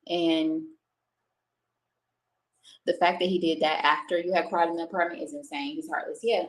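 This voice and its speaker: Speaking at normal speed in a low, steady voice, a young woman tells her stream audience about a personal experience. She's candid, emotional, and swears freely in this casual chat, recorded roughly on a home setup.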